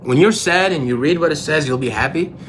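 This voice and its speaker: A man coaching on life, telling a story with animated delivery, asking the audience questions and repeating key phrases. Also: fairly high pitch, fairly quick, noisy background. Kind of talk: motivational storytelling.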